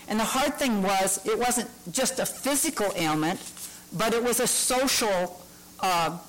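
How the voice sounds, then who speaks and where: A woman's voice: mid-range voice, low-quality recording. A woman preacher giving a morning sermon, telling a story in a conversational way with hesitant fillers.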